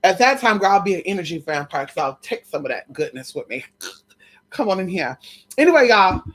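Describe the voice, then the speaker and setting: A woman's voice: fairly low pitch, sing-song, a little fast, a bit bright. A woman vlogger telling a story in casual chat, gossipy, calling listeners girl and honey, swearing and repeating phrases for emphasis.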